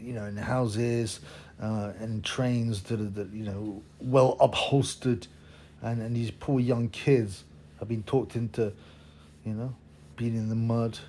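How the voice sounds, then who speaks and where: A man's voice: mid-range voice, darkish tone, a little hiss or hum. A man, hosting his own boxing channel in a rambling, opinionated casual monologue full of fillers and restarts.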